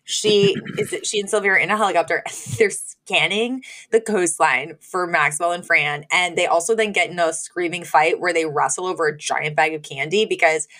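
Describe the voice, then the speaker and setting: A woman's voice: fairly low pitch, animated, moderate pace, hardly any pauses, fairly bright tone. Give me a giggly woman co-host recapping a show in casual chat. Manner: chatty, filler-heavy storytelling with frequent giggles. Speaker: podcast co-host.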